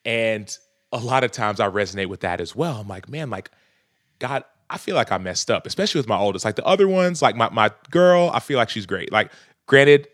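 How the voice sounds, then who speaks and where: A man's voice: lowish voice, animated, fairly quick, fairly bright tone, dry recording. Earnest laughing man, dry sound. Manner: earnest, reflective, laughs often. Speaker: podcast guest. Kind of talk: casual podcast conversation.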